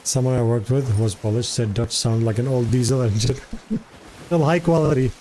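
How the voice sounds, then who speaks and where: A man's voice: mid-range voice, normal speed, dark tone, slight background noise. A man streaming live in casual chat, curious and talkative, repeating foreign words aloud to practice them.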